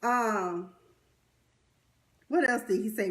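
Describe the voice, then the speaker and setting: A woman's voice: mid-range voice, slow, long pauses. A young woman giving a blunt, sassy, exasperated commentary recap, full of slang and asides, recorded on a livestream mic. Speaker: commentary vlogger. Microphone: webcam or phone mic from a livestream.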